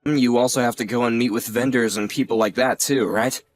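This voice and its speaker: A man playing a sincere young man who teases his aunt gently and thanks her earnestly. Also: medium pitch, steady tone, fairly quick, faint music behind, lightly acted. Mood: teasing. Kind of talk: audio drama acting.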